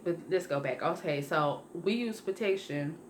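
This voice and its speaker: Telling a personal tale in a loose, rambling vlog, a young woman often backtracks and corrects herself, brightening whenever she acts out her own past lines. Her voice sits on the low side at a moderate pace, with slight background noise.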